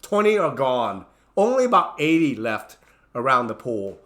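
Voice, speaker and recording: A man telling a funny personal story in a casual, animated way. He stumbles through restarts and fillers and slips into the voices of people in the story. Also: mid-range voice, normal speed. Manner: animated, acts out his own panicked lines; many fillers and restarts, non-native grammar. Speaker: channel host telling a story.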